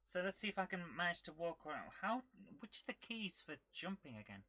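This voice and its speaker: A woman hosting a casual retro gaming live stream, chatting with viewers and reacting excitedly while she plays. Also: lowish voice, brisk, no room sound. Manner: chatty, reads viewer comments aloud, bursts of excitement while playing.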